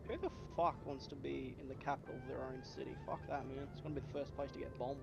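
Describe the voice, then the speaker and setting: A man's voice: mid-range voice, wildly swooping pitch, quick pace, vocal fry, highs cut off, music in the background. An Australian man chatting casually with friends during a game, blunt and swearing constantly. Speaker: gamer in voice chat. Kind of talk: casual chat.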